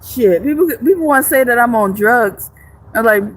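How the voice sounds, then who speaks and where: A woman's voice: fairly high pitch, expressive, normal speed. Joking, blunt woman livestreamer. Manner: blunt, joking, swears freely; rambling with frequent restarts. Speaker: live streamer. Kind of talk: casual livestream chat reading viewer comments.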